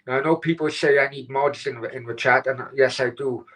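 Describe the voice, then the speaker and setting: A man talks to his live chat in a voice of ordinary pitch. He is upset and close to tears, and he stops and restarts his sentences often, with a curse now and then. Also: fairly even intonation, fairly bright tone, poor audio. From Wales. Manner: upset, halting, swears, many restarts. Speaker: channel host.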